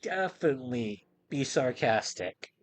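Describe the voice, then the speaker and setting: A man's voice: mid-range voice, lively intonation, a little slow. A man hosting a game playthrough, chatting casually and reading game dialogue aloud. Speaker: gameplay host.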